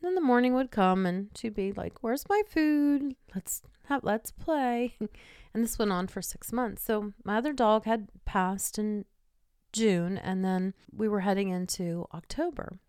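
A woman's voice: mid-range voice, moderate pace, a little mellow, clear, resonant tone, no room sound, clean studio sound. A woman podcast host telling personal stories in a chatty way, laughing between them. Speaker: podcast host and intuitive medium. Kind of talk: personal storytelling monologue.

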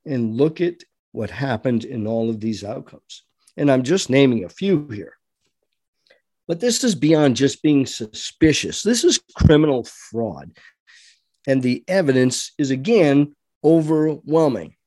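Slow, animated, preachy man. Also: mid-range voice, dry recording, clean studio sound. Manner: preachy, rhetorical questions, mocking quoted voices. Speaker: political commentator. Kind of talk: impassioned political monologue.

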